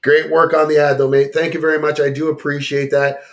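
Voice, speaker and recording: A man's voice: on the high side, monotone, fairly quick, a bit bright. Joking man hosting a chat show. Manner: loose and joking, reads sponsor plugs. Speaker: talk show host. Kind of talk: casual chat with ad reads.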